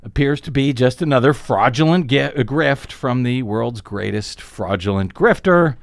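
Male radio host, lively sardonic delivery, dry studio sound. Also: mid-range voice, gravelly, no echo. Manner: sardonic, fast asides with chuckles. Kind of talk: political talk radio commentary.

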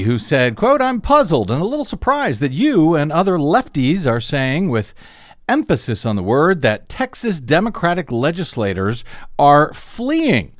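Male radio host, lively emphatic commentary, dry close studio mic. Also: fairly high pitch, no echo. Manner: animated, emphatic delivery.

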